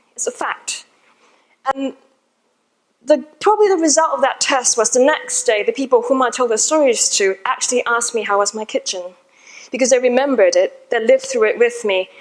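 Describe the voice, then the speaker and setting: A woman with a slightly high voice speaks on a rough recording, addressing a live audience at a conference. She tells a personal story in a chatty, self-deprecating way and laughs at herself.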